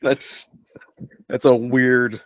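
A man's voice: medium pitch, little pitch movement, very slow, dry recording, muffled recording. A man co-hosting a casual movie podcast, laughing often and making jokey asides. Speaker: podcast co-host.

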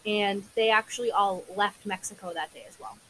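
A woman's voice: mid-range voice, fairly even intonation, moderate pace, fairly bright tone, a little hiss or hum, low-quality recording. A young woman co-hosting a true crime podcast, recounting case details casually with many filler words. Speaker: podcast co-host.

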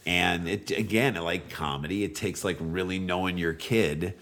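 A middle-aged man with a low voice chats as a podcast guest. He is from St. Louis. He tells stories in a casual, animated way and slips into the voices of the people he quotes. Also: normal speed. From St. Louis, USA. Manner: animated, acts out quoted speech.

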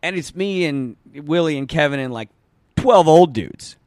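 Animated storytelling man, dry sound. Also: fairly high pitch, a little slow, no room sound. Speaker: podcast guest. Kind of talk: casual storytelling.

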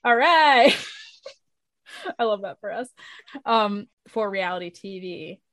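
A woman's voice: medium pitch, takes it slowly, fairly bright tone, no echo. Chatty woman hosting a podcast. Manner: chatty, laughs easily. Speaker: podcast host. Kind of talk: casual podcast chat.

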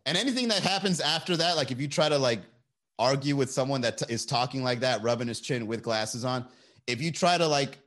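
A man's voice: medium pitch, lively intonation, brisk, fairly bright tone. Joking, rambling male streamer. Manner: rambling, joking, profane, laughs often. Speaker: live-stream host. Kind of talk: casual live-stream chat.

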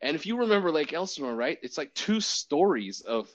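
A man's voice: a little high, fairly quick. A man who works as a baseball umpire, casually telling a story with lots of restarts and acted-out quotes. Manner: animated, acts out quotes, many restarts. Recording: dull lo-fi audio.

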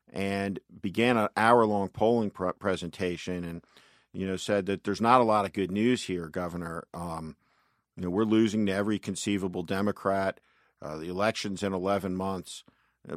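Deep-voiced man telling campaign stories. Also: no room sound, studio quality. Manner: anecdotal, quotes people at length, frequent "you know". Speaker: political campaign strategist. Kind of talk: interview storytelling.

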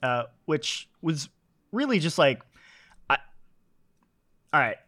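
A man's voice: on the high side, very animated, slow, bright, forceful tone. A man hosting a podcast, rambling enthusiastically in casual chat. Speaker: podcast host.

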